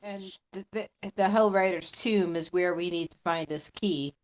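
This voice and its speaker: A woman player at a tabletop game, chatting casually and asking quick practical questions. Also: lowish voice.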